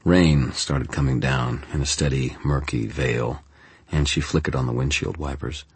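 Very deep, husky male narrator. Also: moderate pace, no echo. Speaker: audiobook narrator. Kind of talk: first-person scripted narration.

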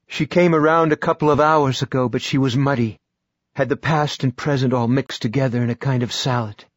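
A shaken woman who has made a hard choice speaks with a husky, breathy edge, put on by a man reading the book. Her voice sits a little above his own and stays steady and resolved. The recording is dry and close. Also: mid-range voice, fairly quick, no room sound, pitched above the performer's own voice, close to an everyday voice. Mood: resolute. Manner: distraught, strained, firm. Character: grieving exhausted woman, wife and mother.

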